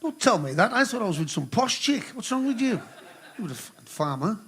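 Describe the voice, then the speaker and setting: A man's voice: high-pitched, big pitch swings, a little fast, a bit bright, breathy edge. An older man, joking and rambling between songs as he hosts a live charity concert on stage. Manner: rambling, swearing, joking with the crowd. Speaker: musician hosting a charity concert.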